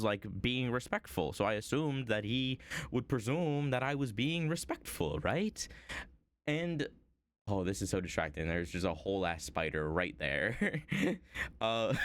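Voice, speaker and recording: A man's voice: fairly low pitch, clear, resonant tone. A young man streaming his art, rambling casually through a story with many fillers and self-deprecating asides.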